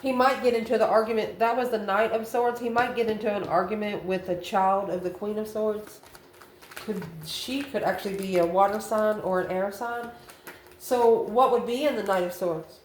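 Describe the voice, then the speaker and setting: A woman's voice: medium pitch, fairly even intonation, moderate pace. A woman reading tarot cards in a loose, chatty way, calling the listener honey and laughing between cards. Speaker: tarot reader. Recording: roomy echo, faint ambient noise.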